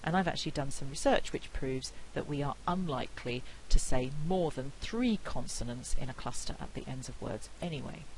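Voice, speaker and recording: A woman with a non-rhotic British accent giving a university phonetics lecture, clear and deliberate, slowing down to demonstrate sounds. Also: a bass voice, lively intonation, slight background noise, poor audio. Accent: non-rhotic British English.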